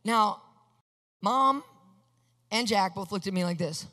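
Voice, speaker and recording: A woman preaching a testimony sermon, telling her story with energy, acting out each exchange and bursting into excited shouts. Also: mid-range voice, slow pace. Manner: animated storyteller acting out dialogue. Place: large hall with a screen. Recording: long hall reverb.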